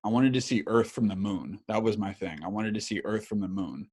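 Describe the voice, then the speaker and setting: Swearing, animated man in his thirties. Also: lowish voice, a little fast, breathy edge. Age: 30s. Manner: animated, swears a lot, many fillers. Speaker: podcast host. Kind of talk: casual storytelling chat.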